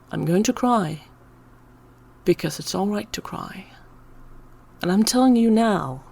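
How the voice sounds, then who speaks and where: Teary woman rambling, slightly low voice. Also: creaky, a little mellow. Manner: emotional, on the verge of tears, drops to whispers at times. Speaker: channel host. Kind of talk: unscripted personal ramble.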